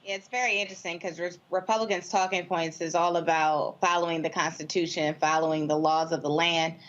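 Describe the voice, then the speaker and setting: American woman panelist, measured and a little hesitant, low voice, slightly dull remote sound. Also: fairly even intonation, a bit bright. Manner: measured, with frequent fillers and restarts. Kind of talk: political discussion.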